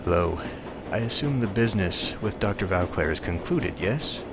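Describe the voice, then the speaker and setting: A man voicing an ancient dragon disguised as a suave gentleman who speaks in lofty, philosophical terms. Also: sits low, animated, background noise. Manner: slow, lofty, philosophical speech.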